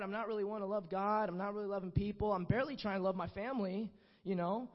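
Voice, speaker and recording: Young male preacher, very high voice, earnest testimony style, dull recording in a reverberant hall. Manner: earnest, conversational, many "you know" asides. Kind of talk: sermon with personal testimony. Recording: dull, muffled sound with long hall reverb.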